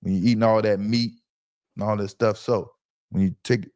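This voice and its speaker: A man hosting a casual sports talk livestream from home, loud and brash, trash-talking his commenters. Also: fairly low pitch, steady tone, moderate pace. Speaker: podcast host.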